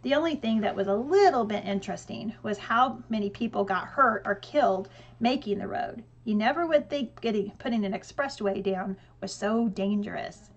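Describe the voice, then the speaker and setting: A woman narrating an audiobook in a lively storytelling way with dry humor. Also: medium pitch, moderate pace, highs cut off.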